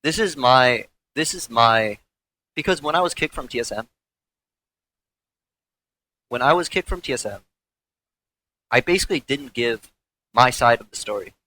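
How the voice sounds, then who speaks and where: Bright-voiced young man telling a story. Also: mid-range voice, animated, slight background noise, low-quality recording. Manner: candid, swears freely, halting restarts. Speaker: former pro gamer. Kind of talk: casual storytelling.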